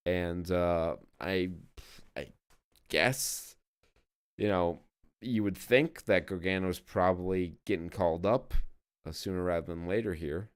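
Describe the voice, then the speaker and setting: A man's voice: low-pitched, a little slow, clean tone, no echo, studio quality. A man co-hosting a podcast, talking casually and emphatically, swearing now and then. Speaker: podcast co-host. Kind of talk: casual wrestling review chat.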